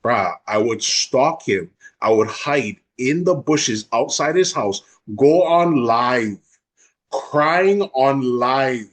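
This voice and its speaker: A young man from Hawaii, telling a wild personal story in a fast, unfiltered way as a podcast guest. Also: mid-range voice, lively intonation. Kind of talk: casual storytelling.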